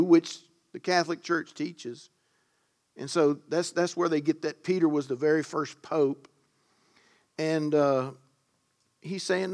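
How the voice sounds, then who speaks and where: A man's voice: on the high side, slow pace. Emphatic man preaching a sermon. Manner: emphatic, rising to loud stresses on key words; conversational asides to the congregation.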